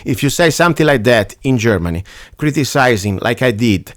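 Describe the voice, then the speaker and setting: A man's voice: medium pitch, animated, a little fast, fairly bright tone, dry recording. A man with an Italian accent hosting a radio talk show, ranting emphatically in broken English. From Italy.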